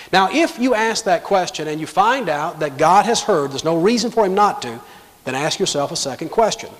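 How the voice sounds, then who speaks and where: A man preaching a sermon as pastor, emphatic and animated, acting out imagined objections from his listeners and God's replies to them. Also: high voice, in a large hall, poor audio.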